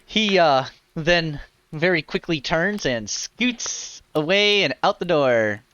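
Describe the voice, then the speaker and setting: A man narrates a tabletop game as dungeon master, rambling loosely with fillers. His voice is bright and crisp, and the recording sounds dull and lo-fi. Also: on the high side, lively intonation, slow pace. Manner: rambling, heavy on fillers like "like" and "you know".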